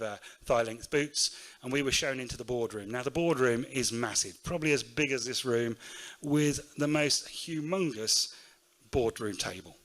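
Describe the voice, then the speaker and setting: Northamptonshire man telling a lively story. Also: mid-range voice. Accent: Northamptonshire English. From England. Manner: lively anecdotal storyteller, acts out quotes. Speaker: keynote speaker, shoe factory owner. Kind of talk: storytelling conference talk. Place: conference room.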